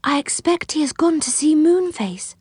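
A woman reading a storybook aloud, voicing a sweet, gentle little fairy who speaks in a light, friendly way. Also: high-pitched, lively intonation, moderate pace, dry recording, studio quality, pitched above the performer's own voice.

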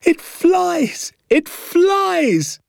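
A man reading aloud, voicing an eager young boy with high, breathless exclamations in a storybook. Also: big pitch swings, normal speed, darkish tone, breathy edge, no echo, studio quality. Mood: excited. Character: small excited boy, eager and wide-eyed.

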